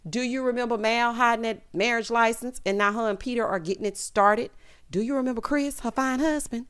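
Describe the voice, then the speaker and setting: A woman's voice: a little high, a little fast, a bit bright, clear, resonant tone. A woman hosting a casual reality TV recap, telling it with sassy, dramatic flair and lots of 'honey' and 'child'.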